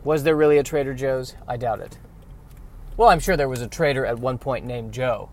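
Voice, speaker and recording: A man's voice: mid-range voice, brisk, a little mellow, low-quality recording. A young man vlogging from his car, thinking aloud in a rambling, self-mocking way. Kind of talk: casual rambling vlog.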